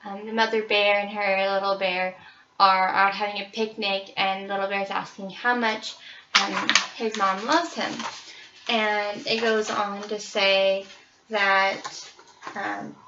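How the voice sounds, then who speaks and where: A woman's voice: medium pitch, level tone, slow pace, far from the mic, background noise. A young woman casually presenting children's books, with frequent ums. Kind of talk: book review presentation. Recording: roomy, slightly dull recording.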